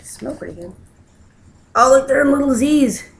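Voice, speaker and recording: A woman's voice: animated, moderate pace, creaky, a little hiss or hum, rough recording. A young woman chatting casually as she unboxes a package at home, recorded on a built-in laptop mic, cooing at her cat now and then. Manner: chatty, coos at her cat in a high baby voice. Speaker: vlogger. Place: home room.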